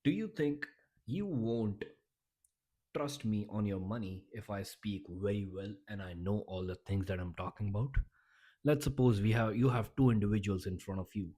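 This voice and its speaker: A man's voice: fairly low pitch, normal speed, warm tone. A man giving a motivational vlog talk in an emphatic, repetitive and blunt way, often restarting his sentences. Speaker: YouTuber.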